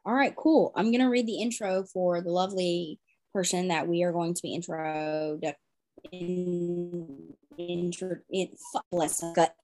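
A woman's voice: lowish voice, steady tone, a little slow, a little mellow, faint music behind. A woman with an American Southern accent hosting a casual podcast interview, chatty and gushing, often stumbling over words. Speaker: podcast host.

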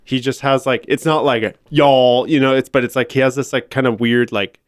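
A man's voice: mid-range voice, fairly even intonation, a little fast, dry recording, studio quality. A young man co-hosting a casual podcast, laid-back, swearing often and filling his talk with "like" and "dude". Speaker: podcast co-host. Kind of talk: casual chat.

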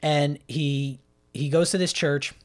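A man in relaxed conversation walks through a story step by step. He rambles a little, trips over restarts and fills gaps with ums and likes. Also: on the high side, takes it slowly, a crowd in the background. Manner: rambling retelling with acted-out quotes and many fillers. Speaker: podcast co-host recapping a film. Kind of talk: casual chat.

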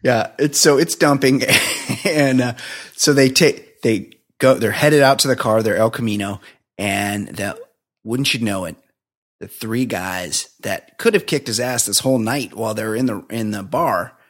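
A man's voice: mid-range voice, measured pace, a bit bright. Man, podcast co-host, sarcastic and profane, casual movie review, laughs a lot.

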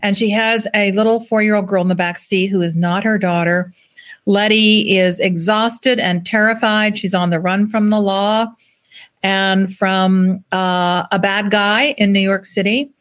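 A woman's voice: medium pitch, fairly even intonation, unhurried. A woman novelist chatting about her new book, with lots of ums and uhs. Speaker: author guest.

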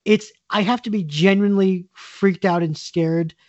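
A man's voice: sits high, steady tone, a little slow, a little mellow, dry recording, lo-fi sound. A man co-hosting a podcast in casual chat, upbeat and a bit hesitant when answering. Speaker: podcast co-host.

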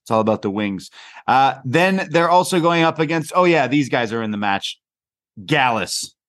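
A man's voice: medium pitch, expressive, normal speed, fairly bright tone. A Canadian man co-hosting a podcast, recapping a wrestling show in rambling casual chat with lots of fillers and the odd swear. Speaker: podcast co-host.

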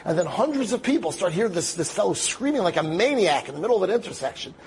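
A man telling a dramatic story aloud, acting out the quotes with lively animation. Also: high-pitched, fast talker, a little hiss or hum.

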